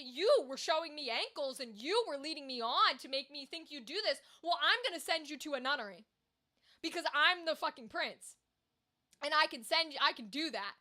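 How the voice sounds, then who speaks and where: Self-pitying young prince, mocked by a woman, bright, high, melodramatic.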